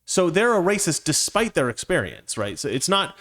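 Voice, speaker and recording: Animated male political commentary host. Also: fairly high pitch, moderate pace. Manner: rambling, many restarts and digressions. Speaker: show host. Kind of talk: opinion commentary monologue.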